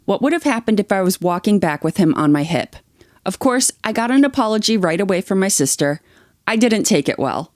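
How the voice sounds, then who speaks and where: This woman's mid-range voice is brisk with lively intonation as she reads posts aloud for a podcast she co-hosts. She then chats casually, giving blunt opinions laced with swearing, in a dry recording with no echo.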